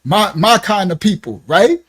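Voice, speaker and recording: A man's voice: high-pitched, very animated, a little slow, fairly bright tone, slightly rough. A man giving a personal testimony in casual, slangy speech, often checking in with "right?", earnest and emotional. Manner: casual slangy talk with frequent "right?" tags. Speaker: ministry speaker giving a testimony. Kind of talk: personal storytelling.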